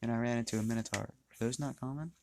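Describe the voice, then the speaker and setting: A man's voice: medium pitch, fairly even intonation, quick pace, background noise, lightly acted. A man voicing a cool, offhand female assassin.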